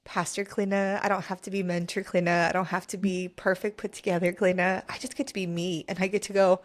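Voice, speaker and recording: A woman pastor hosting a faith podcast, talking in an expressive, encouraging way that turns emotional. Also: mid-range voice, brisk. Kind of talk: casual faith conversation.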